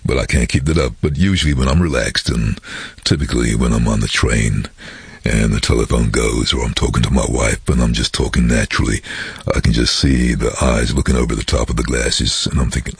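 Extremely deep, husky-voiced man. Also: brisk, no echo. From London. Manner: lively anecdotal, slips into impressions. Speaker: voice-over artist. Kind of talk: interview storytelling.

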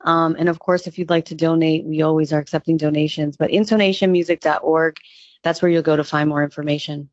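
Upbeat low-voiced woman, dull dry sound. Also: fairly even intonation, fast, dry recording. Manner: upbeat, earnest, with frequent ums. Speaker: executive director of a youth music nonprofit. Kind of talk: radio interview answers.

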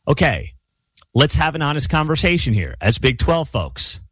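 A man's voice: on the high side, big pitch swings, normal speed, a bit bright, slightly rough, no room sound. A man hosting his own sports commentary show, ranting emphatically with a sarcastic edge. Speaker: sports talk host. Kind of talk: opinionated solo commentary.

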